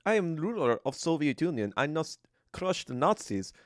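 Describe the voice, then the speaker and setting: A gruff, rude Soviet dictator voiced by a man on a podcast stream speaks in blunt broken English with a made-up accent. The sound is dry and close to the mic. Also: fairly high pitch, big pitch swings, normal speed, dry recording, voice pushed up.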